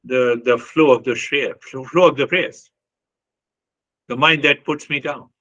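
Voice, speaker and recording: A man with a bright, forceful voice gives an earnest spiritual talk. He repeats himself for emphasis and puts pointed questions to his listeners. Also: medium pitch, fairly even intonation, a little slow, muffled recording. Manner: earnest, repetitive, with short laughs and acted quotes. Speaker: spiritual teacher.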